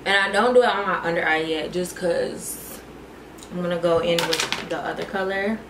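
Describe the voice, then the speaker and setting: In an echoey room with faint noise, a young woman vlogger speaks at normal speed in a fairly low voice. She casually guides viewers through her makeup routine, calling them "y'all" and "girl."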